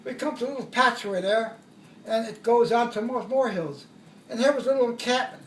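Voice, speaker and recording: An older man, a war veteran, shares oral history in a rambling way, correcting himself and chuckling at his own jokes. His voice is very high and brisk, heard reverberant from a distant mic with a little hiss or hum.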